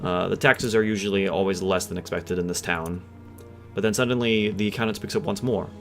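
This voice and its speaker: A man's voice: deep voice, fairly even intonation, a little fast, gravelly. A man narrating a tabletop roleplaying game as game master, casual and descriptive. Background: soft background music.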